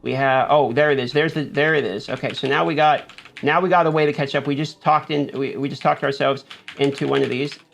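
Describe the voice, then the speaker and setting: A man's voice: a little high, steady tone, brisk, vocal fry, a bit bright, slight background noise. A man giving live commentary as he plays a game, talking himself through each move and urging himself on. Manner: talks himself through play, panics and urges himself on. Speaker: gaming YouTuber.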